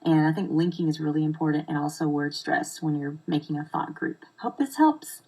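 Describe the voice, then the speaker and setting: A woman giving an informal live video lesson as an accent modification coach, explaining step by step with slow, deliberate examples. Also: low-pitched, little pitch movement, dark tone, breathy edge, poor audio.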